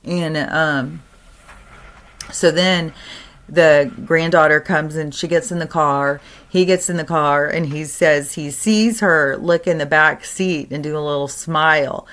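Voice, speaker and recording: A woman vlogger telling a story in a casual, animated, chatty way, laughing often. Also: deep voice, takes it slowly.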